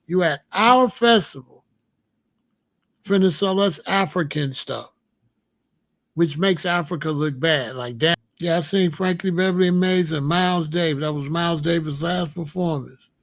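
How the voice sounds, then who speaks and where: A man from the United States hosting a casual monologue, telling stories in an emphatic, profane, animated way. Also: fairly high pitch, moderate pace. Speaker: commentary host.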